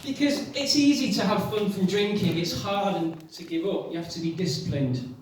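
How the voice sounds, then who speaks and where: A man's voice: high-pitched, moderate pace. A man doing a stand-up set in a pub, telling self-mocking stories in a conversational way. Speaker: stand-up comedian. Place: pub venue with audience. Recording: distant mic, loud room echo, faint noise.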